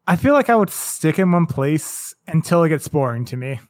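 Casual late-twenties guy, a bit high-pitched, thinks out loud, dry close mic. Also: very animated, moderate pace, no echo. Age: 20s. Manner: easygoing, thinking aloud, swears casually. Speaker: podcast co-host. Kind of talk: casual podcast chat.

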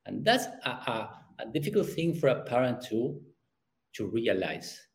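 A middle-aged man with a Spanish accent, a youth sports parenting coach who repeats words as he searches for his phrasing and grows animated when telling stories. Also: mid-range voice, moderate pace, creaky, poor audio. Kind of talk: conversational interview.

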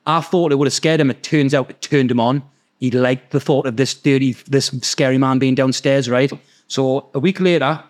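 A man with a Geordie accent, hosting a podcast and telling a story in a sweary, animated way. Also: mid-range voice. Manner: sweary, animated, acts out the people in his stories. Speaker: podcast host. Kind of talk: casual storytelling.

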